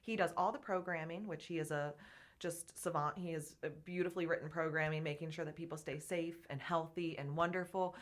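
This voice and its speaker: Low-pitched and steady in tone, this gym co-owner speaks fairly quickly as a podcast guest. In a relaxed interview, she discusses her work openly and laughs a lot.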